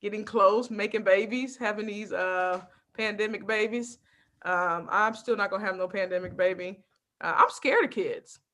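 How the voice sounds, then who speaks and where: A young adult woman doing a stand-up comedy set, telling lively stories with constant asides to the crowd. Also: mid-range voice, normal speed, a little hiss or hum. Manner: lively storytelling with frequent asides and laughs.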